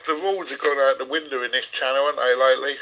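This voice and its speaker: A man's voice: mid-range voice, steady tone, very fast. A man in push-to-talk voice chat who speaks up indignantly and protectively. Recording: dull lo-fi voice app audio.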